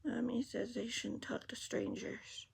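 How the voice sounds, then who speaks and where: A woman's voice: fairly high pitch, fairly even intonation, unhurried, creaky, slightly rough, pitched above the performer's own voice, full character voice. A woman voicing a wary, stubborn little boy lost in the woods, reading a storybook aloud. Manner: wary, guarded.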